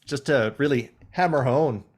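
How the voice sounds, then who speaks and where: A man's voice: medium pitch, normal speed. A Canadian man co-hosting a podcast, chatting casually and joking with frequent laughs over a video call. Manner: jokey, laughs often. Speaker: podcast co-host. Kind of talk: casual chat.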